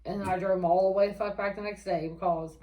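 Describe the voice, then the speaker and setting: A woman's voice: medium pitch, fairly even intonation, fast talker, dark tone. Blunt, heavy-swearing woman in an echoey room. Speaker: podcast co-host. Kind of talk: casual chat.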